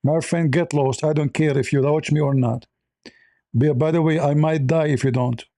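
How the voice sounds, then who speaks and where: A man's voice: a little high, moderate pace, dark tone, dry recording, clean studio sound. A man hosting a livestream, answering chat messages in a blunt and sarcastic way.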